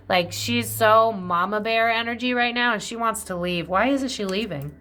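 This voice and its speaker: A woman's voice: a little high, normal speed, hardly any pauses, fairly bright tone. A woman giving a casual psychic tarot reading. She talks in a chatty, profane, speculative way, jumps between tangents and often acts out quoted voices.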